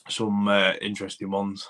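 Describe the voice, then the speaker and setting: A man's voice: fairly low pitch, a bit bright. A man in his thirties with a Doncaster accent, rambling casually as he chats with viewers on a livestream and reads their comments. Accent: Doncaster, South Yorkshire. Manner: rambling, chatty, addresses viewers as buddy and mate. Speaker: livestream host, car mechanic.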